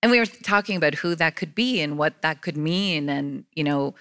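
A woman's voice: deep voice, animated, moderate pace, a bit bright, a little hiss or hum. A woman film director on a festival panel, teasing her cast and explaining her choices thoughtfully. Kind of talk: panel discussion.

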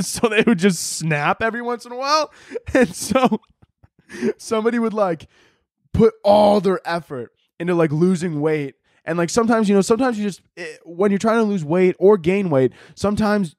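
A young man rants on his podcast in a casual, comedic monologue. His voice sits a little high, and he breaks into laughter and swears as he mocks people in quoted voices. The sound is dry and close. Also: a little mellow, no room sound. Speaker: podcast host.

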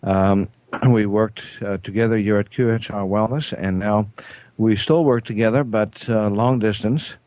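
A South African man hosting a studio talk show, hesitant, with frequent throat clearing and fillers. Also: on the low side, steady tone, moderate pace, a little mellow, no echo. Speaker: host. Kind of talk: casual radio talk show.

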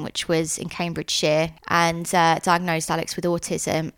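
A young woman giving an earnest personal account in an interview, halting often with ums and restarts. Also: on the low side. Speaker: interviewee, sister of a convicted man.

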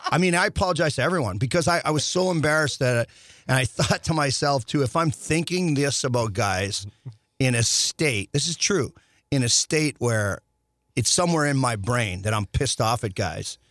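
A man's voice: medium pitch, expressive, normal speed, fairly bright tone, dry recording, clean studio sound. A middle-aged man, a former hockey player, telling long stories in a casual chat, restarting sentences often and acting out dialogue. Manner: rambling with many restarts, acts out quoted dialogue.

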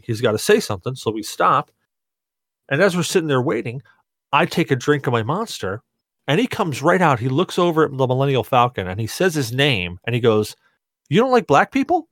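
A man hosting a podcast, tipsy from rum, telling a story in an animated, laughing way and swearing a lot. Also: mid-range voice, no echo, studio quality. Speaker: podcast host. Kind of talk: casual storytelling chat.

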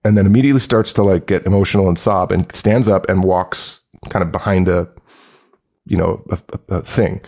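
A man telling a long, animated anecdote as a podcast guest, rambling with many restarts and acting out quoted lines. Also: deep voice, fairly quick, creaky. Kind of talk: casual storytelling.

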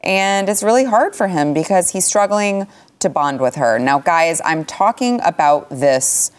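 Low-voiced woman hosting a talk show. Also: expressive, measured pace. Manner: sarcastic, wry. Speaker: host. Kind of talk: casual panel commentary.

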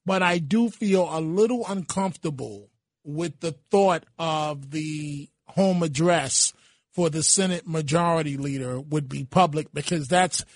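A man's voice: a little high, a little slow, dry recording. A man hosting a talk radio show from the studio, talking in a rambling, hesitant way full of restarts.

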